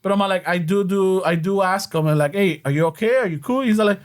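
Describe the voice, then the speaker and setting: Man, high voice, profane, casual podcast chat. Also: a little fast, few pauses. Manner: profane, mixes Spanish into English.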